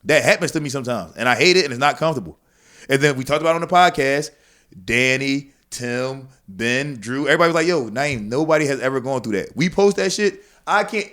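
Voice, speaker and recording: A man, a comedian guest, talking casually on a podcast in an animated, profane way, often acting out other people's voices. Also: mid-range voice, fast talker.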